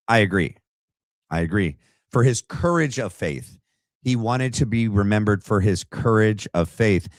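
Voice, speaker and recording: A man's voice: fairly low pitch, smooth, no echo, clean studio sound. A man hosting a livestream, giving opinionated commentary in a conversational way and reading out viewer chat. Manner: opinionated and conversational, thinks aloud. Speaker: podcast host.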